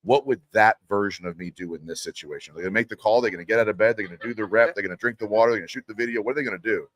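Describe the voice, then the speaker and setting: A man's voice: on the low side, very fast, fairly bright tone, dry recording. A man giving intense, blunt motivational talk as a guest on a podcast taped live on an expo floor. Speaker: guest speaker and consultant.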